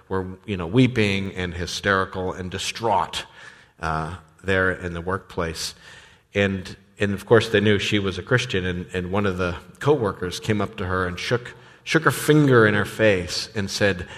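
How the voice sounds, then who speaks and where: Male pastor, conversational sermon delivery with fillers, lowish voice, long hall reverb. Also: a bit bright. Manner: conversational, with frequent fillers and restarts. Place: church sanctuary.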